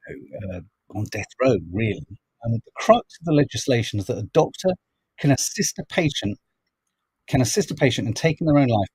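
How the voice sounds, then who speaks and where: A man's voice: mid-range voice, darkish tone, breathy edge, dry recording, poor audio. A man hosting a podcast, chatting wryly about news stories and reading out viewer comments. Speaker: podcast host reading the papers. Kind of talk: casual chat.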